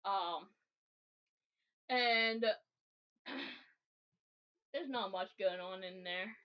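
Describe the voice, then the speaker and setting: A woman's voice: medium pitch, extremely slow. A woman narrating as game master of a tabletop game, casual and giggly with lots of fillers. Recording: dull lo-fi recording.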